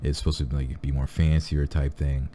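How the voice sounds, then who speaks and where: Brief: young male reaction host, very low dark voice, rambling loose chat. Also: little pitch movement, normal speed, a little hiss or hum. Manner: rambling, full of fillers and restarts. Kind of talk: casual chat.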